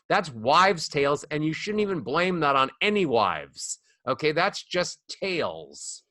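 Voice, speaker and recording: A man teaching as a voice coach guest on a podcast, animated and demonstrating rising and falling speech melodies. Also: fairly high pitch, dry recording, studio quality. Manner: demonstrates speech melodies with sung-up acted examples. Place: studio.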